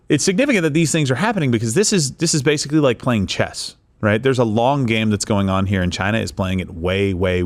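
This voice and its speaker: A man co-hosting a casual political commentary show, talking in an animated way with quick asides. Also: on the low side. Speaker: co-host.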